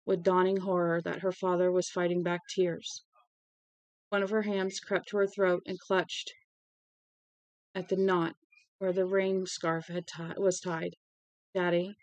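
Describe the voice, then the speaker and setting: A woman's voice: on the low side, no room sound, rough recording. A woman reading a novel aloud on a stream, voicing the dialogue with feeling and correcting her small slips as she goes. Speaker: audiobook reader.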